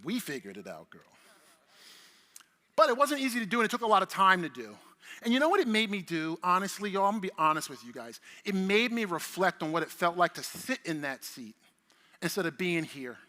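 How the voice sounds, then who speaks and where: A middle-aged man speaking from a conference stage with a high, bright voice that leaps all over the place. He talks to the crowd in a casual, animated, profane way. The sound carries a long reverb from the large hall around him. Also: a little fast. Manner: animated, profane, chatty with the audience. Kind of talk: energetic keynote talk.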